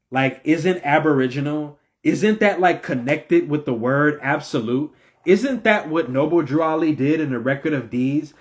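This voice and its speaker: Impassioned preachy man, fairly high voice. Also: moderate pace. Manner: preachy, repetitive, stammers "or, or". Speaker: religious commentator. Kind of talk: impassioned monologue.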